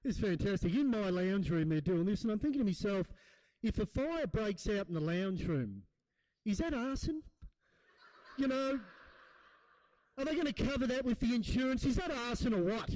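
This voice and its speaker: A man's voice: high-pitched, expressive, moderate pace, a little mellow, poor audio. A middle-aged man with an Australian accent doing a rambling stand-up set, bantering blokey with the crowd. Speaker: stand-up comedian. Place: comedy gig in a hall.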